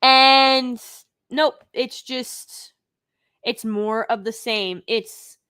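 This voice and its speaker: A woman's voice: on the high side, very slow, pushed and bright, clear, resonant tone. A woman hosting a live stream, giving an unscripted review in an indignant, emphatic way, with sighs and restarts.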